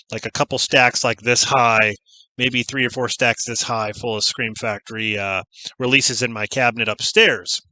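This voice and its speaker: Chatty male vlogger, bright tone, dry close sound. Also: mid-range voice, no echo. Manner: chatty and enthusiastic, lots of fillers. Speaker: movie collector vlogger. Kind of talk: casual chat.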